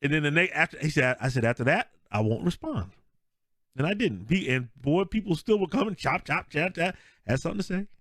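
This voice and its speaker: Fairly high in pitch and brisk in pace, this man co-hosts a podcast with clean studio sound and no room sound. He tells sports stories in a relaxed, animated way, laughing often and voicing what others said.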